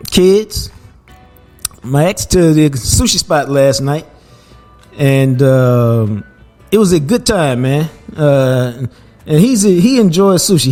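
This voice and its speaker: A man, hosting a podcast and telling a family story in a relaxed, casual way, laughing as he goes. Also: mid-range voice. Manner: laid-back, laughs while telling stories. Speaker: podcast host.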